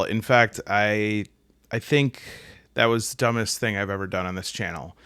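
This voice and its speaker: A man's voice: mid-range voice, fairly bright tone, dry recording. Joking American man, dry close sound. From United States. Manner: joking, self-deprecating, puts on silly voices for quotes. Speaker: solo tabletop gaming host. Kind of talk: casual chat to camera.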